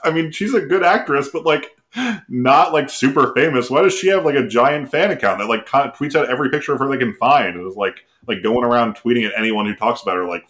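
A man's voice: mid-range voice, fairly quick, a bit bright. A man co-hosting a podcast, chatting casually, rambling with laughs, swearing and mock voices. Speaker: podcast co-host. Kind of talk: casual chat.

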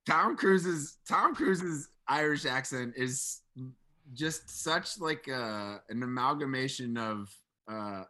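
A man who is an actor and a guest on a movie podcast, giving wry, animated critique. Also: mid-range voice, slow pace. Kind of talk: casual movie podcast chat.

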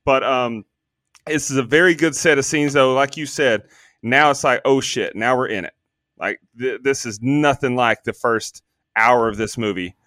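A man's voice: mid-range voice, normal speed, bright, forceful tone, no echo, studio quality. A man casually chatting about a movie on a podcast, joking, rambling and swearing freely. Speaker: podcast co-host. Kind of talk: casual movie review chat.

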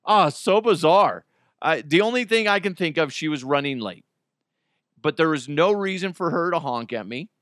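A man in his thirties hosts a podcast and tells his stories as casual chat, swearing freely, his voice leaping up when he gets worked up. His tone is bright and forceful and sits a little high for a man. He speaks close to the microphone in a dry, dead room. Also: normal speed, no echo. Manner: animated and profane, voice jumping up in outbursts. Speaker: podcast host. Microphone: close studio microphone.

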